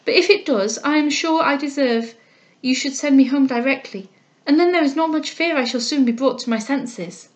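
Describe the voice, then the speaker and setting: A woman's voice: sits high, normal speed, few pauses, voice pushed up, natural voice. A woman reading a novel aloud, voicing an earnest, humble and impulsive young woman who speaks with eager feeling. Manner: eager and heartfelt, speaking up with spirit.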